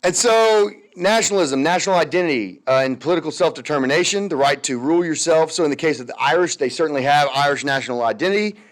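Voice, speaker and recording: A man's voice: a little high, fast talker, hardly any pauses. A young man teaching a recorded history lecture over slides, chatty and loose, with many fillers and wry asides.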